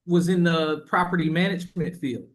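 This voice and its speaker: Affable man, slightly high voice. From Florida. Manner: affable, quick to agree, jokes along. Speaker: real estate agent, guest. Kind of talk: casual interview conversation.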